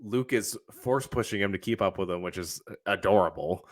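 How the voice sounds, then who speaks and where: A man co-hosting a casual podcast, excitable and profane, often acting out characters' lines in a higher voice. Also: moderate pace. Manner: excitable, swears a lot, acts out characters' lines. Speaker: podcast co-host.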